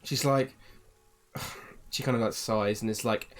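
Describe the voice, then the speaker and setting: Dungeon master guy, slow and halting, lots of ums, mid-pitched voice. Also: steady tone, faint music behind. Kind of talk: narrating a tabletop game.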